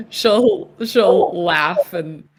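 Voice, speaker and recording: A woman player describing her character's actions in a tabletop game, relaxed and giggly. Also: on the low side, extremely slow, slight background noise.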